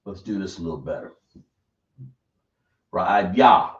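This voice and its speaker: A man teaching a language lesson, speaking slowly and often checking whether his listeners understand. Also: sits low. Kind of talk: classroom lesson. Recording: echoey room, dull lo-fi sound.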